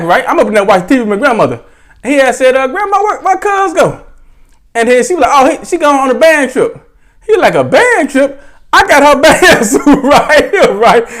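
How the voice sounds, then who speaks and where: High-voiced man telling a story. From Mississippi, US. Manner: animated, dialect-rich, chuckling asides with frequent "right?". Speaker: storyteller host. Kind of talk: casual storytelling.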